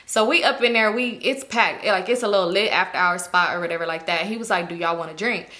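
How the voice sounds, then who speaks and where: A young woman casually telling a storytime in slangy, animated talk, acting out what people said. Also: mid-range voice, fast. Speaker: storytime vlogger.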